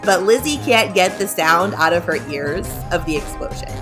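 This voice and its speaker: A woman's voice: on the low side, animated, moderate pace, music in the background. A woman hosting a podcast who recaps a horror story in a chatty, giggly way and acts out the characters. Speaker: podcast host. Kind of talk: casual recap of a horror book.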